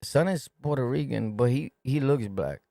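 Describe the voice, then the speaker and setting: Brief: New York-accented male stream host, streetwise and emphatic, mid-pitched, dry close sound. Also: normal speed, gravelly, warm tone, no echo. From New York City. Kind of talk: casual commentary to a livestream chat.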